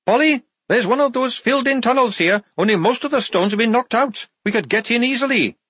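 A man's voice: very high voice, animated, a little fast, a bit bright, slightly rough, dry recording, pitched above the performer's own voice, heavily acted. A man reading an audiobook, voicing a bold, blunt young woman soldier who speaks brashly and impatiently.

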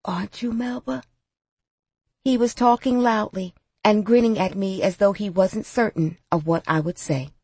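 A woman narrating an audiobook in a measured storytelling manner. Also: medium pitch, a little mellow, husky, no echo.

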